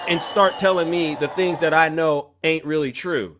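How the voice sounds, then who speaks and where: A man hosts a heated live stream. His voice sits on the higher side, and he lectures and challenges his viewers directly in a preachy, confrontational way. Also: steady tone, normal speed, hardly any pauses, a loud crowd, very noisy.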